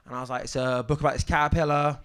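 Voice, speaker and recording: A young man doing a stand-up set on a club stage, with a halting deadpan delivery full of ums and restarts. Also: mid-range voice, background noise. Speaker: stand-up comedian. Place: comedy club stage with audience. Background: audience laughter.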